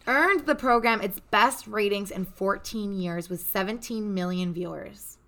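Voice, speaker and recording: A young woman hosting a casual podcast, chatty and loose with swearing. Her voice is very bright, sitting at an ordinary middle pitch. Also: a little slow. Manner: chatty, swears freely, storytelling. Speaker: podcast host. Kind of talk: casual chat.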